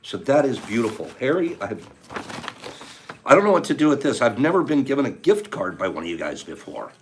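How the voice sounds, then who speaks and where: An older man hosting a casual live stream, opening gifts and telling stories in an animated, warm way, laughing now and then. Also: mid-range voice, fairly quick, slight background noise. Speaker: host of a live tea-time stream. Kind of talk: casual chat, opening gifts and reading cards.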